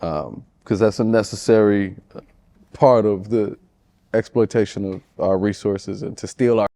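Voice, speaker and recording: A man's voice: fairly low pitch, unhurried, dark tone. A man from Chicago, a musician talking as a guest in a casual interview, laid-back and slangy. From Chicago, United States. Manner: laid-back, slangy, often saying "you know what I'm saying".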